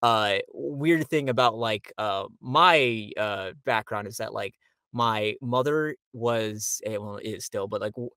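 A young man from Miami, Florida, appears as an interview guest and chats casually about his voice acting work. His voice sits on the low side, slow, bright, forceful and smooth, and he leans on fillers like "like" and "you know" while laughing often. The sound is dry and close with no room echo.

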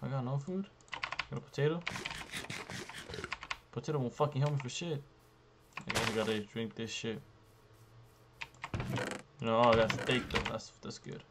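A young man giving profane, frustrated commentary while playing a survival game, jumping between loud outbursts and low muttering. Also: steady tone, normal speed, long pauses, heavy background noise. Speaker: gaming YouTuber. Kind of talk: profane live gameplay commentary.

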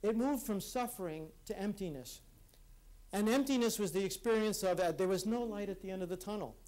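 A man giving an earnest, reflective talk at a conference, speaking in a halting way with restarts. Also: sits high, a little mellow. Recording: live talk in a hall.

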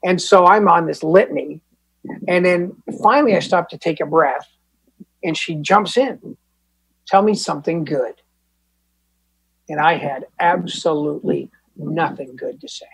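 A man's voice: fairly high pitch, moderate pace, vocal fry, breathy edge, no echo, low-quality recording. A man from Canada, telling a candid, self-deprecating recovery story at a support group meeting. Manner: casual, candid, self-deprecating, with fillers and restarts. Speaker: Al-Anon speaker.

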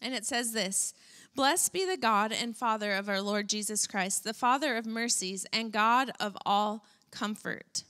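A woman preaching a sermon to a congregation, animated and now and then acting out whiny complaints in a high voice. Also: unhurried.

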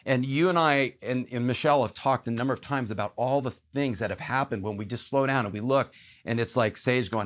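A man speaking as a guest in a relaxed conversation, neither high nor low in pitch. He tells his story earnestly and with emphasis, slipping into the voices of the people in it as he goes. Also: a little fast. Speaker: guest, actor.

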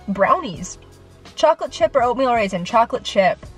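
A woman's voice: fairly high pitch, animated, moderate pace, breathy edge, faint music behind. A young woman vlogging to camera in a rambling, self-deprecating casual chat, a little nervous. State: sweaty and nervous.

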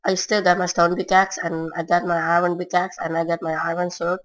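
A woman's voice: fairly low pitch, little pitch movement, a little fast, low-quality recording. A woman giving casual, rambling gameplay commentary in broken non-native English, with frequent filler words. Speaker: gamer.

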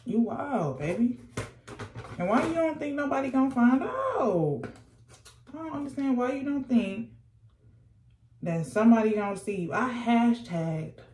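A woman's voice: on the high side, very animated, measured pace, pauses often, darkish tone, echoey room, slight background noise. A young woman, telling a sassy, slangy storytime while doing her makeup at home. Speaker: vlogger. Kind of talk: casual storytime chat.

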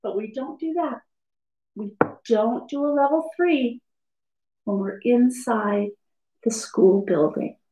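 A woman's voice: fairly high pitch, slow pace, pauses often, echoey room, highs cut off, background noise. A woman teacher giving a lesson to young children in a sing-song, encouraging way.

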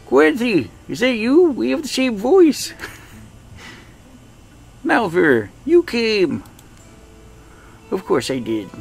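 A man doing a high quavering old man. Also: wildly swooping pitch, extremely slow, vocal fry, pauses often, slightly rough, faint music behind, exaggerated voice. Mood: grateful. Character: creaky old man adventurers, grateful and folksy.

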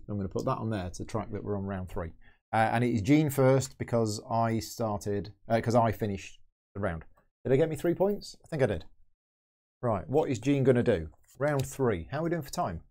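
A man's voice: mid-range voice, expressive, normal speed, warm tone. A man hosting a board game channel, thinking aloud as he plays through a solo game and explains each move. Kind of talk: solo game playthrough commentary.

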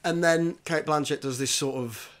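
A man hosting a podcast in casual chat, animated, often restarting and mimicking actors. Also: on the high side, moderate pace. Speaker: podcast host.

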